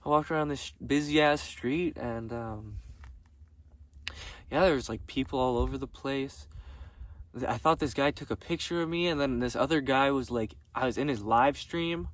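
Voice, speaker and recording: A man vlogging outdoors on a gravel road, casually recapping his day with frequent laughter and easy swearing. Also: medium pitch, moderate pace. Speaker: vlogger dressed as a jester. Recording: distant mic with faint outdoor noise.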